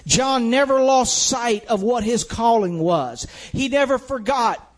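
A man with a notably high voice delivers a sermon. He preaches with emphasis, repeating phrases and asking rhetorical questions as he builds each point. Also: unhurried.

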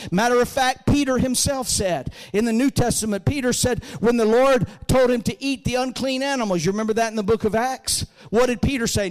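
A man preaching a sermon as pastor, swinging from shouted emphasis down to low, quiet lines while quoting scripture. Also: brisk, hardly any pauses, smooth.

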